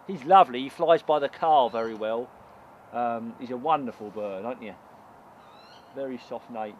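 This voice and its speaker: A man's voice: mid-range voice, moderate pace, dull audio. A man who keeps birds, chatting casually and coaxing his birds as he handles them outdoors. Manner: coaxing and affectionate toward the birds. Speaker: bird keeper. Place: outdoors among bird enclosures. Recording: noisy outdoor field recording.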